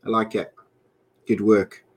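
A man hosting a podcast, running through a quick intro and then reading out viewer comments in casual chat. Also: fairly low pitch, flat delivery, slightly rough. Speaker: podcast host.

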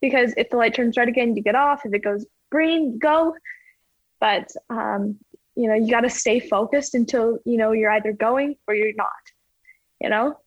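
A woman's voice: a little high, moderate pace, no room sound. A woman athlete answering interview questions in a chatty, casual way, full of fillers. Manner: chatty, full of "like" and "you know". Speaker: ski jumper guest. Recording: slightly dull lo-fi sound.

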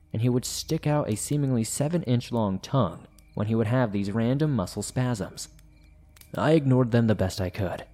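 A man hosting a horror podcast, reading a first-person scary story in a measured, deliberate way. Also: on the low side, dark tone. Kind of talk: scripted horror narration.

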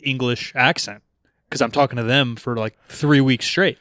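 A man's voice: mid-range voice, fairly even intonation, moderate pace, fairly bright tone, no echo. A young man from Portland rambles through a casual podcast chat, swearing often and laughing along. His voice sits in a middle register and sounds dry and close to the mic, with no room around it. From Portland, Oregon. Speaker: podcast host.

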